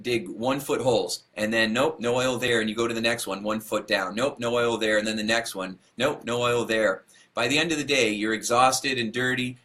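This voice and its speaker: Here a man delivers a motivational talk at medium pitch, his voice pushed and bright. As a motivational speaker, he narrates a story, voices the lines of the people in it, and chuckles at himself along the way.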